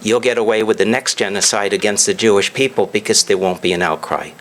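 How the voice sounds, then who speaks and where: A man hosting an event, slowly reading out a guest's credits to an audience. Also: fairly low pitch, steady tone, a little hiss or hum, rough recording. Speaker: event host introducing a speaker. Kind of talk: speech to an audience.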